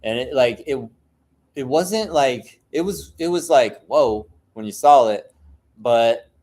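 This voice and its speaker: A man's voice: mid-range voice, lively intonation, slow, a little mellow. A middle-aged man, a tattoo artist, telling stories in a rambling, profane solo monologue full of fillers.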